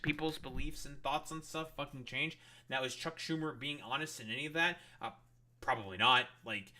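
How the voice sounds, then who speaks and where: A man with a bright, forceful voice rants at political clips as he streams. He swears constantly and sounds openly fed up. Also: on the high side, slight background noise. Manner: angry, profane ranting. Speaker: streamer reacting to news clips. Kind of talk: casual political commentary.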